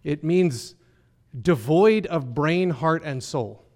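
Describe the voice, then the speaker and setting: A man's voice: a little high, animated, takes it slowly, a little mellow. A man preaching a sermon, earnest and emphatic, often asking his listeners rhetorical questions. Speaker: pastor.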